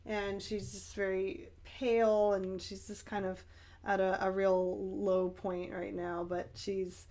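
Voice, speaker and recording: A woman's voice: mid-range voice, level tone, slow pace, mellow. A young woman chatting casually while she paints, rambling with fillers and little laughs. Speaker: painting vlogger and art teacher. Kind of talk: casual paint-along chat.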